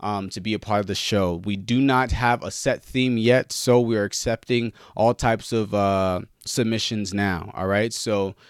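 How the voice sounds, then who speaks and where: A man's voice: lowish voice, unhurried, hardly any pauses, clean tone, no room sound, clean studio sound. A man hosting a Christian podcast, out of breath after running up stairs, chatting casually and correcting his own slips. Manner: energetic, rambling, self-correcting. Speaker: podcast host. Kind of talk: casual chat.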